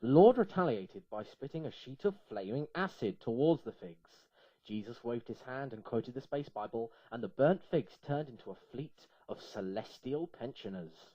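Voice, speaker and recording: A man reading a comic story aloud in a playful, lively way. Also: medium pitch, normal speed, no echo, dull audio.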